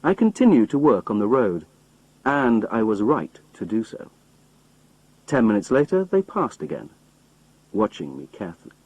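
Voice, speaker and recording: A man narrating a simplified novel in a plain, measured storytelling manner. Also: fairly low pitch, very animated, a little mellow, dry recording, rough recording. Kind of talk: reading a simplified novel aloud.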